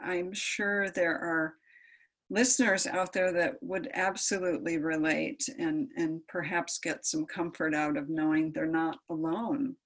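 A woman hosting a podcast interview, calm, affirming and gently encouraging. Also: sits low, unhurried. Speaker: podcast host. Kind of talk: conversational interview.

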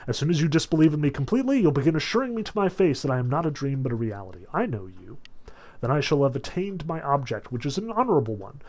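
A sly, scheming gentleman devil who needles his listener with calm confidence, as a man reads him aloud from a novel. The voice sits a little above the usual for a man. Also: fairly high pitch. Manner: read aloud from a novel, quick in spots.

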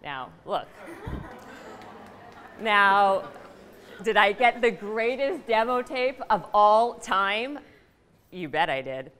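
A middle-aged woman telling a personal story to an audience, animated and punchy, asking the room questions. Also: medium pitch, slight background noise. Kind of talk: storytelling talk. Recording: reverberant hall.

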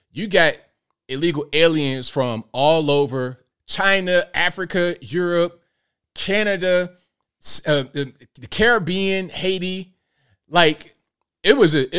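Animated man ranting. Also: fairly high pitch. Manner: animated, repetitive, stammering restarts. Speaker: political commentator. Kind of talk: opinionated monologue.

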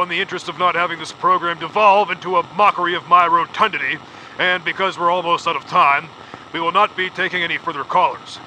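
A man's voice: sits high, sharp tone, slight background noise, low-quality recording. Man playing a pompous talk-radio host. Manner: pompous, long-winded formal phrasing.

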